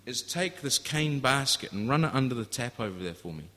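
A man voicing a patient, wry pastor who makes calm, gently persistent requests. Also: medium pitch, fairly quick. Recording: echoey hall.

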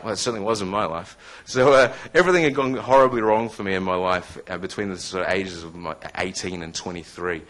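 A man's voice: low-pitched, fast talker, hardly any pauses, fairly bright tone. A man in his thirties, born in Scotland, with a New Zealand accent, giving a conversational testimony talk to a live audience with jokey asides. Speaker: speaker.

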